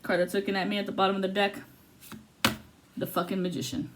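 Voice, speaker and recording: A woman giving a casual, profane tarot reading, swinging between loud outbursts and low muttering. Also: little pitch movement, fast talker. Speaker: tarot reader.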